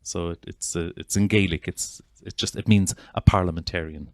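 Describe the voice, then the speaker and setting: A man's voice: low voice, steady tone, normal speed, no room sound. An Irish man, a psychotherapist, giving an earnest, heartfelt talk to an audience, with frequent restarts. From Ireland. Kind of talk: informal talk to an audience introducing a video.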